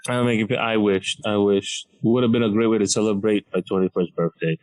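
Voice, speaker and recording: A man's voice: lowish voice, brisk, poor audio. A young man from Malaysia, a comedian telling a story on a podcast and acting out the other people in it. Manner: animated, acts out voices of doctors and nurses. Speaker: comedian guest.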